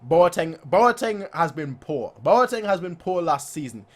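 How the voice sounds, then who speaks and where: A man hosting an animated football reaction vlog, excitable and playful, repeating his phrases and laughing often. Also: a little high, a little slow. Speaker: football fan channel host.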